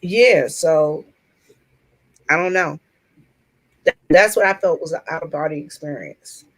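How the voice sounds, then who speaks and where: A woman in a casual group chat telling a personal story in an earnest, open way, pausing and restarting as she goes. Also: low-pitched, poor audio. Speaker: chat room participant.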